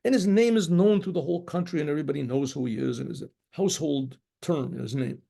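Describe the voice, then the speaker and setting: A rabbi spins a story aloud in a loose, conversational way, circling back and imitating the sounds he describes. His voice is gravelly with a mellow, darker tone, pitched a bit above the usual for a man. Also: fast talker. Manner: rambling, conversational, acts out shofar blasts. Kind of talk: spoken storytelling.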